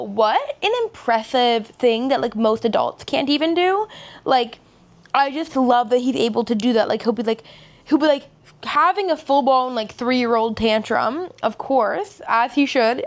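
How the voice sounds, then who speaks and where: A young woman chatting casually in a vlog, rambling and giggly, with lots of fillers. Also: a little high. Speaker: vlogger.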